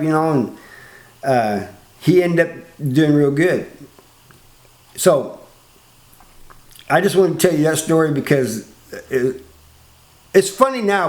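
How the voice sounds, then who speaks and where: An older man with a Southern American accent speaks in a relaxed, drawling storyteller's manner and stumbles over repeated words. His voice sits somewhat high for a man. The sound is roomy, with clear echo around him. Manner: laid-back, drawling, repeats words as he talks. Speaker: storyteller, former prisoner. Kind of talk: casual spoken storytelling.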